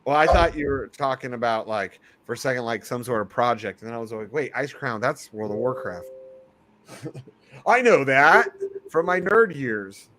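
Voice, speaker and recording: A man's voice: mid-range voice, animated, moderate pace, pushed and bright. A man hosting a casual podcast chat, joking around with minced oaths. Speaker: podcast host.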